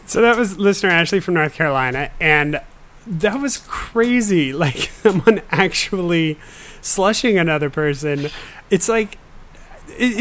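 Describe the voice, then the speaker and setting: A man's voice: high voice, a bit bright, slight background noise. Wry, laughing man hosting a podcast. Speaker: podcast host. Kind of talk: casual chat.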